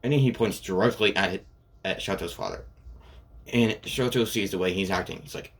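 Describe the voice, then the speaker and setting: A man's voice: sits low, moderate pace. A man casually retelling a fan story, rambling and filling gaps with "and yeah" and "pretty much".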